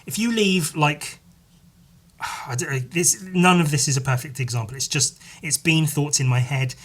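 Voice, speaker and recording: A man hosting a solo podcast, rambling in casual chat, swearing freely and filling pauses with "like" and "um". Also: fairly high pitch, fairly bright tone. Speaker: podcast host.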